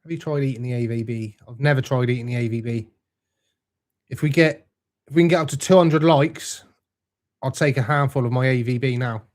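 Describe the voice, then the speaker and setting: A man's voice: mid-range voice, a little fast. Laid-back man, casual stream chat. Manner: laid-back, matey, chatty. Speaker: live stream host. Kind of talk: casual live chat reading comments.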